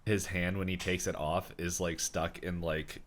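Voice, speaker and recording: A man's voice: low voice, little pitch movement, moderate pace, a little hiss or hum. Giggly man co-hosting a chat podcast. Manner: chatty, laughs a lot, many fillers like "like". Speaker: podcast co-host. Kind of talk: casual recap chat.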